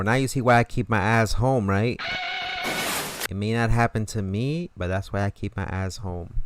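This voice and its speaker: A man's voice: on the low side, background noise. A young man hosting a reaction channel, telling stories casually and animatedly, full of fillers and swearing. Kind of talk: casual storytelling.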